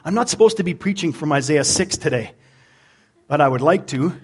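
A man's voice: on the high side, expressive, a little fast, a little mellow, a little hiss or hum. A middle-aged man, a pastor, preaching a conversational sermon and often repeating words as he searches for them.

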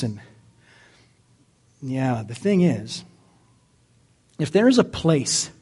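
A man preaching a sermon as pastor, animated, swinging from near-yelling down to quiet asides. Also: on the high side, slightly rough. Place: church sanctuary.

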